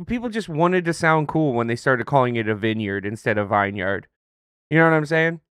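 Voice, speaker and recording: Young male co-host, smooth resonant voice, dry close sound, playful crude rants. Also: medium pitch, lively intonation, a little fast, fairly bright tone, no room sound. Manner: mock-ranting, crude, playful. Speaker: podcast co-host. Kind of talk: casual podcast banter.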